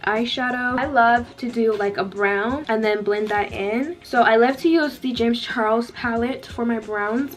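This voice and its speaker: A young woman, casually talking viewers through a makeup tutorial, chatty and full of fillers. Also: a little high. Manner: chatty, filler-heavy, addresses viewers directly. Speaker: beauty vlogger.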